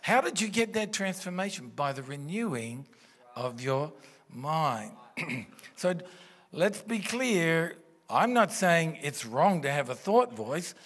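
Slow-speaking preacher, man. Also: on the high side, very animated, fairly bright tone. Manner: earnest, conversational preaching with rhetorical questions. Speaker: pastor. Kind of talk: sermon. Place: church auditorium. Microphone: stage microphone.

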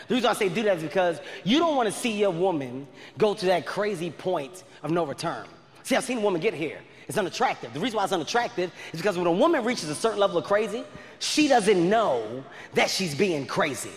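High, animated man shouting stand-up punchlines. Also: quick pace. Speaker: stand-up comedian. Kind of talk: stand-up comedy. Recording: live venue with long reverb and faint ambience.

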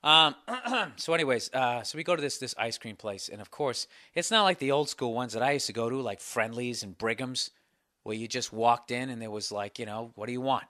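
A middle-aged man tells a rambling, profane comedic story on his own podcast. His voice sits at an ordinary pitch. The sound is dry and close, with no room around it. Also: normal speed, pushed and bright, dry recording. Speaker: podcast host. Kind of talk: casual solo podcast monologue.

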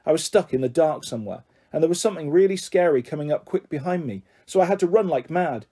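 A man narrating a children's book aloud in the first person, with lively, expressive storytelling. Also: a little high, fast, husky.

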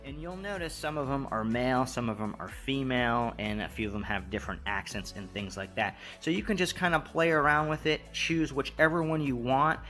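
A man's voice: medium pitch, fairly quick, hardly any pauses, bright, forceful tone, faint music behind. A man hosting a tech tutorial, giving easygoing, repetitive step-by-step instructions with casual fillers.

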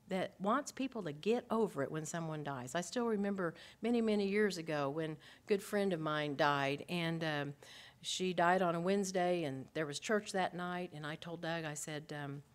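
A pastor's wife giving a Bible lesson to a group of women. She speaks earnestly and expressively, moving between emphatic and soft passages and asking her listeners many rhetorical questions. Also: on the low side. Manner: expressive, swings between emphatic and softly spoken.

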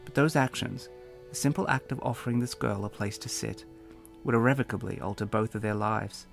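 A man's voice: medium pitch, a little fast, gravelly, faint music behind. A man, the author, narrating a fantasy novel in a dry, wry storytelling manner. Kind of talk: audiobook narration.

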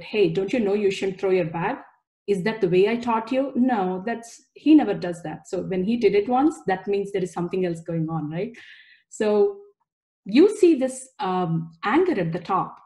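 A woman's voice: medium pitch, dark tone. A woman in her forties giving a chatty, anecdote-filled parenting talk, with frequent laughs. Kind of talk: casual presentation talk.

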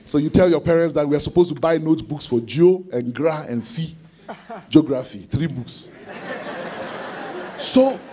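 A man preaching an expository sermon to students, animated, acting out voices with sudden shouted bursts. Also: fairly high pitch, normal speed, pauses often. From Ghana. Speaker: conference speaker preaching to students.

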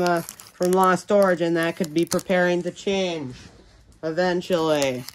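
A man narrates his trading card pack openings in a loose, rambling way, cracking little jokes to himself and slipping into talking about himself in the third person. He takes his time, speaking at a slow, easygoing pace. The chat is casual and off the cuff. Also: a little high, slight background noise. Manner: rambling, jokey self-talk, refers to himself in third person. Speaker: card-opening video host.

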